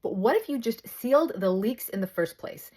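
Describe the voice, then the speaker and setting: A woman's voice: on the high side, normal speed. A woman in her thirties, a bit out of breath, talking chattily into her phone, breaking off and restarting her sentences. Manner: chatty, self-interrupting, animated storytelling. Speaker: host. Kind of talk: casual talk to camera. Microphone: phone held close.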